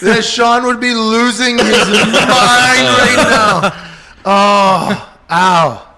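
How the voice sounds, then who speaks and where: A man hosting a casual podcast, excitable and quick to react. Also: high-pitched, very noisy. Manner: excitable, laughs a lot. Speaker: podcast host.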